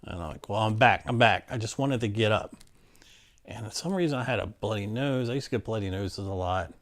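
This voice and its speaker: In an interview, a middle-aged man with a fairly low voice briskly and candidly recounts a personal story. He speaks plainly and acts out what people said.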